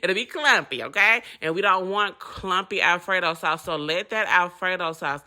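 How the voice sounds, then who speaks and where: A woman's voice: lowish voice, steady tone, moderate pace, bright, forceful tone. A woman with a Southern accent hosting a casual cooking tutorial, folksy and chatty, calling her viewers honey. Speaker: cooking show host.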